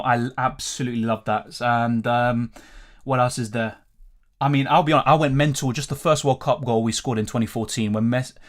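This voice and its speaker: A young man hosting a live stream, reading viewer questions aloud and answering in a casual, rambling way. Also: mid-range voice. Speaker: fantasy football streamer.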